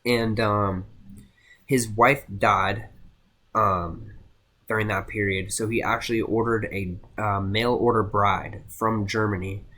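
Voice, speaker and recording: Halting young man with a low voice. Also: fairly even intonation, bright, forceful tone. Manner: halting, many fillers and restarts. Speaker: student presenter. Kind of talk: casual class presentation.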